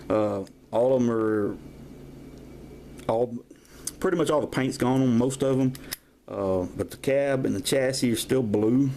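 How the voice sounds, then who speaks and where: A man's voice: lowish voice, darkish tone, slight background noise. Folksy man in his fifties. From Georgia, US. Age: 50s. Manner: rambling, folksy, drifts into stories. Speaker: toy collector vlogger. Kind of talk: casual show-and-tell collection vlog. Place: at home, filming toys on camera. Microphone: camera mic.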